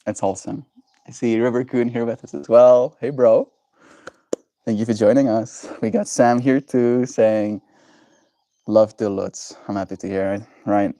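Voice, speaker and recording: A man hosting a livestream, chatting with viewers and musing slowly and gently about emotions. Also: medium pitch, no echo. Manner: gentle, musing, thoughtful pauses. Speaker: livestream host. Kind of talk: reflective livestream chat.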